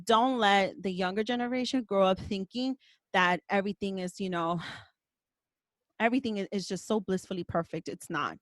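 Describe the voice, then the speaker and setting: This podcast host has a mid-range voice at a moderate pace, with no echo in the recording. She's passionate and forceful in a casual conversation, swearing every so often.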